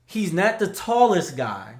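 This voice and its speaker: A man co-hosting a casual talk show, animated and slangy, laughing often. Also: high voice, unhurried, roomy sound. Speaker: podcast co-host. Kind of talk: casual chat.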